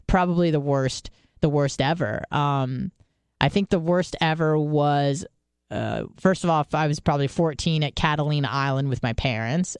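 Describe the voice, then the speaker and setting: A woman co-hosting a radio show chats casually in the studio, her smooth, clear voice captured on a dry, close mic with no echo. She's candid and profane, telling stories frankly, swearing freely, and stumbling through fillers and restarts. Her voice jumps much higher whenever she quotes someone.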